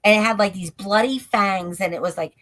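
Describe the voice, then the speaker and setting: A woman's voice: medium pitch, fairly quick, fairly bright tone. A woman, a guest on a live stream, telling a story in a breathless run-on way that is full of "like". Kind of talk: storytelling in an interview. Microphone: stream call mic.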